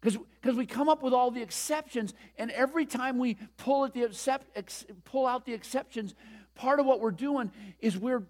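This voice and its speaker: A man's voice: high voice, darkish tone. A man in his sixties preaching a conversational sermon, stressing points and asking the congregation questions. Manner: conversational, emphatic, asks the room questions. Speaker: pastor.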